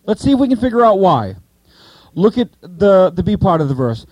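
A man teaching a Bible study to a group, asking the listeners questions and repeating key points slowly. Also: high voice, big pitch swings, darkish tone, no echo, poor audio.

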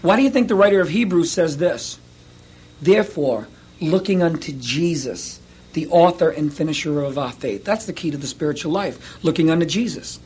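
A male pastor preaching a sermon, telling stories in an animated way and acting out quotes with laughs. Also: on the high side, normal speed, husky.

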